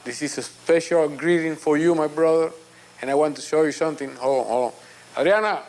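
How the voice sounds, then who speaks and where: A man's voice: a little high, a little fast. A man recording a casual, affectionate video message to an old friend he knew in prison. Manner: warm, affectionate, switches into doting baby talk. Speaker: former prisoner sending a video greeting.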